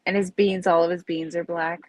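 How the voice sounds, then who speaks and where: A woman's voice: lowish voice, little pitch movement, fairly quick, no echo, poor audio. A playful, teasing woman co-hosting a casual livestream chat over a video call. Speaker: co-host.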